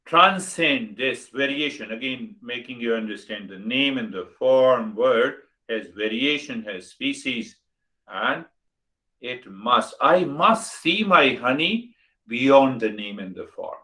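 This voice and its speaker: An older man with an Indian English accent leads a spiritual lesson. He presses his points with repeated rhetorical questions at a medium pitch. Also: animated, slow pace, sharp tone, low-quality recording. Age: 60s. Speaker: spiritual teacher. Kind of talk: spiritual talk.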